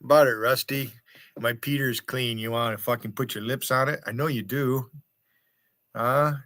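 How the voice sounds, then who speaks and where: A man's voice: mid-range voice, fairly even intonation, normal speed, a bit bright, no room sound. An American man hosting a livestream, taunting and swearing at people in his chat in a mocking rant. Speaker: livestream host. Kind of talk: profane rant at chat viewers.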